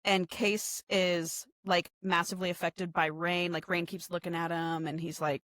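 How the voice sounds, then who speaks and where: A woman with a fairly low voice recaps a novel in casual podcast chat, acting out the characters' lines with plenty of swearing. The sound is dry and close, with no room around her. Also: flat delivery, moderate pace, a bit bright, dry recording. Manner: chatty storyteller, acts out quotes, swears freely. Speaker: podcast co-host.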